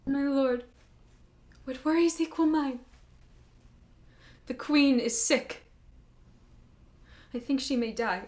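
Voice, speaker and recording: A devoted nurse fretting over her ailing mistress, played by a woman in a stage tragedy. Her voice sits a little high and carries a worried, pleading urgency. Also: slow pace, pauses often, darkish tone. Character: devoted, anxious nurse to the queen. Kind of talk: stage drama acting.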